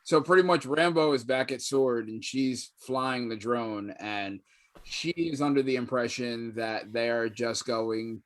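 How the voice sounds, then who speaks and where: A man on a casual podcast walks through a plot step by step. His pitch is middling for a man, and he leans on fillers as he goes. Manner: narrates plot steadily with fillers. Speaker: podcast co-host. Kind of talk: casual recap chat.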